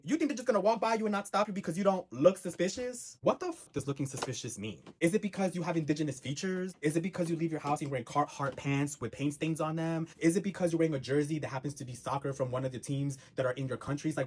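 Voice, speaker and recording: A man's voice: a little high, lively intonation, fast talker, hardly any pauses, slight background noise. A man giving an exasperated, sassy personal video rant.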